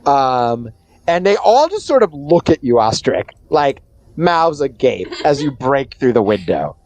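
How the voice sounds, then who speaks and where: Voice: mid-range voice, very animated, measured pace, a little mellow, poor audio. A game master narrating a tabletop game in a hesitant way, full of fillers and restarts.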